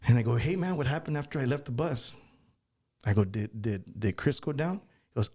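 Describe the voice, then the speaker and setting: Animated man telling stories. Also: medium pitch, fast. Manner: animated, laughs through his stories. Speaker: guest musician. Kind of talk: casual storytelling.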